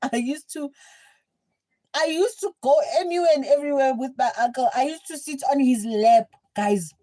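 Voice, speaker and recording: A young woman with a South African accent, telling a story in a chatty, animated livestream style. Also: high voice, moderate pace. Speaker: livestream host. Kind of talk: casual storytelling.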